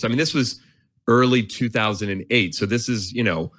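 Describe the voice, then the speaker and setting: A man in his forties, an author and guest, telling an animated, self-mocking story and acting out his inner voice. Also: mid-range voice, normal speed. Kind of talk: storytelling in a conversation.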